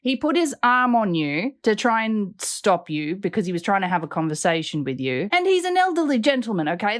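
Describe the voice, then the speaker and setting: A woman giving a scornful, mocking, profanity-laden reaction commentary. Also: mid-range voice. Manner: scornful, mocking, swearing rant. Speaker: commentary host.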